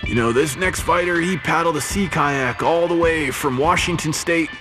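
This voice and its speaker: A man putting on the voice of a growling boxing promoter announcing fighters, loud and showy, with music behind. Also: fairly high pitch, moderate pace, pitched above the performer's own voice, natural voice. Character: growling middle-aged male boxing promoter.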